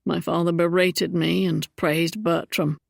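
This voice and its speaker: A woman's voice: lowish voice, level tone, a little slow, gravelly, dry recording, studio quality, exaggerated voice. Woman voicing a roguish, teasing Regency duke. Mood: earnest.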